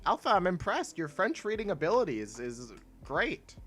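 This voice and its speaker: A man's voice: fairly high pitch, animated, quick pace, few pauses, fairly bright tone, soft background music. A young man chatting casually while streaming a video game, rambling with lots of fillers and laughing often. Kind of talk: casual gameplay stream chat.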